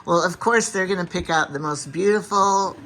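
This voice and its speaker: A woman's voice: on the low side, normal speed, fairly bright tone, slight background noise. An older woman chatting casually in a home kitchen, chiming in and adding her own stories while a man works. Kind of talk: casual chat.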